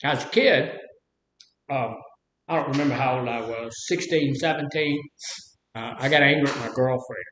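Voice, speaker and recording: A man's voice: medium pitch, moderate pace, pauses often, a bit bright, a little hiss or hum. An older man telling stories in a rambling, folksy way while teaching about anger in a casual talk. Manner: folksy, rambling storyteller who acts out quotes. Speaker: speaker leading a talk on anger. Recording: echoey room.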